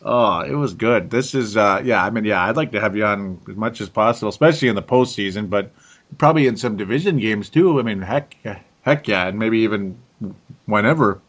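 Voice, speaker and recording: A man's voice: lowish voice, expressive, fairly quick, a bit bright, lo-fi sound. A middle-aged man hosting a casual sports podcast, tired and rambling, laughing often and repeating words. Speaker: podcast host.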